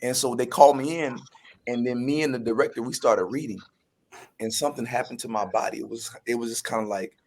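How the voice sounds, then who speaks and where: A man tells a story at an easy, mid-pitched level. He jumps into the voices of the people he quotes and stumbles over restarts as he goes. The talk is a loose, chatty interview. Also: fairly quick, a little mellow. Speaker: guest actor.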